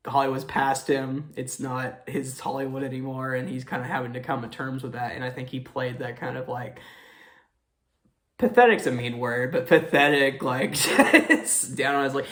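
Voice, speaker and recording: A man's voice: mid-range voice, steady tone, normal speed, a bit bright. A young man hosting a casual movie review, talking in a rambling way with many fillers and apologetic self-corrections.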